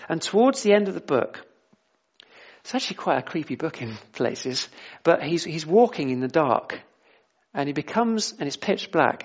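A man preaching an informal sermon in a conversational way, with restarts and rhetorical questions, on a dull lo-fi recording. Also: a little high.

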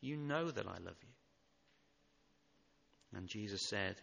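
A man preaching in church with a lowish, bright, forceful voice. His delivery moves from loud emphasis to a hushed, tender hush. The sound rings with the long reverb of a large church. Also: lively intonation, takes it slowly, creaky, muffled recording. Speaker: pastor. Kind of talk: sermon.

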